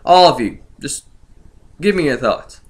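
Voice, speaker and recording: A man's voice: fairly high pitch, animated, measured pace. A young man ranting sarcastically about a video game, gloating and laughing in disbelief as he talks to his viewers. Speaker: gaming vlogger.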